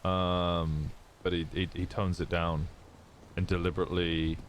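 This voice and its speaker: A man's voice: sits low, flat delivery, unhurried, slight background noise. A man streaming, chatting casually, rambling and swearing freely as he thinks aloud.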